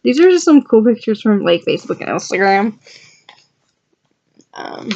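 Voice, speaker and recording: A woman's voice: medium pitch, expressive, normal speed, long pauses, warm tone, muffled recording. A woman vlogger chatting casually and with enthusiasm as she flips through her journal, adding asides to her viewers. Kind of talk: casual rambling chat.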